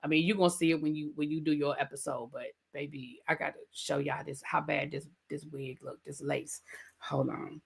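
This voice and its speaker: A woman hosting a live review, retelling scenes in a lively way and mimicking the people she describes. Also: low voice, normal speed, gravelly, slightly rough. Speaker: TV review channel host. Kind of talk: live rant and recap of a reality show.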